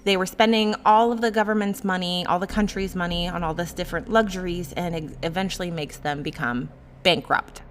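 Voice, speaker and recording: A woman co-hosting a casual true crime podcast, chatty and quick to laugh, with jokey asides. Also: fairly low pitch, steady tone, slight background noise. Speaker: podcast co-host.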